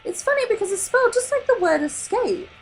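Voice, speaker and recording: Woman doing a squeaky, scatterbrained female fish. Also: lively intonation, fairly quick, faint music behind, low-quality recording. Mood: chirpy. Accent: Australian. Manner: squeaky and bubbly. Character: forgetful cheerful female blue tang fish. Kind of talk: storybook read-aloud.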